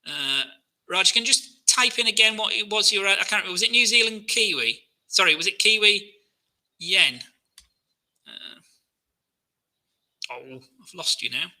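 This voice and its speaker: A man's voice: high-pitched, animated, moderate pace, pauses often, sharp tone, poor audio. A man hosting a live trading Q&A, talking through charts in a chatty way, full of fillers and questions to his viewers. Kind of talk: live-stream market commentary.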